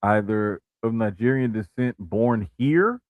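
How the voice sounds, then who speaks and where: A man co-hosting a wrestling podcast talks in an easygoing, casual way, leaning on fillers and restarting his sentences. His voice is fairly low. The recording is dry and close. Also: a little slow, no room sound, phone-quality sound. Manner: relaxed, repeats "bruh" and "like", restarts. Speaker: podcast co-host.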